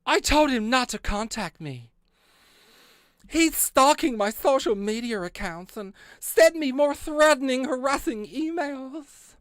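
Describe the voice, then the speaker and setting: A man putting on the high, strained voice of an indignant middle-aged woman reading out a complaint. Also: lively intonation, unhurried, a bit bright, clear, resonant tone, no room sound, exaggerated voice.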